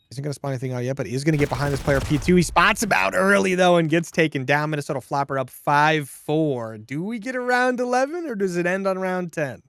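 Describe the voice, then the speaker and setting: A man giving energetic, joking play-by-play as co-caster of a competitive shooter match. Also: medium pitch, no room sound. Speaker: esports co-caster. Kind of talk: excitable play-by-play commentary.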